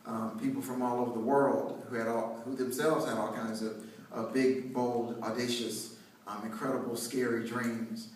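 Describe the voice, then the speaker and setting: A man's voice: mid-range voice, level tone, normal speed, a little hiss or hum. Man speaking far off in an echoey hall. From North Carolina, USA. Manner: conversational and joking, with many restarts. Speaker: motivational speaker addressing students. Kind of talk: inspirational speech. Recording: very echoey hall, heard from a distance.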